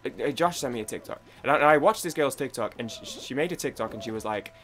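Young British man, casual gaming chatter, rambling, restarts, hums between thoughts, mid-pitched voice. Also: lively intonation, quick pace, a bit bright. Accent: British English. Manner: rambling, full of restarts and idle humming. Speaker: gaming YouTuber.

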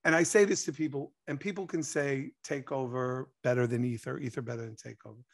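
A man, telling an animated story as an interview guest and acting out quotes. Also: medium pitch, brisk, creaky. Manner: excitable, acts out quotes, laughs.

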